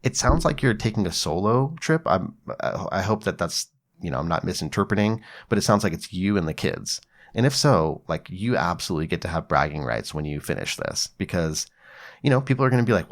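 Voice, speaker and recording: A man hosting a psychology podcast, giving relaxed, conversational advice with casual swearing and acted-out examples. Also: low voice, a little fast.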